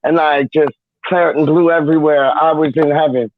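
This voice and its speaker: Man, high voice, dull lo-fi dry sound, slangy, enthusiastic, repeats himself. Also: steady tone, a little fast, no echo. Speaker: livestream guest. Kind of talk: casual chat.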